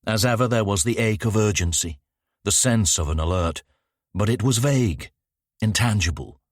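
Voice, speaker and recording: Deep-voiced male audiobook narrator. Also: expressive, no room sound, studio quality. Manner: measured, descriptive storytelling. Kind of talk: scripted narration.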